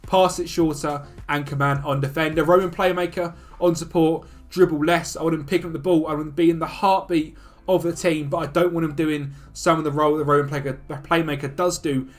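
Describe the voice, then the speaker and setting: Male video host, casual commentary, chatty and upbeat, slightly high voice. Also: steady tone. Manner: chatty, upbeat, talks fast through stats. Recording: faint music behind.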